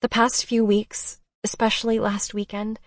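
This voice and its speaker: A woman narrating a romance audiobook in the first person, expressive and emotional. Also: medium pitch, measured pace, no room sound, clean studio sound.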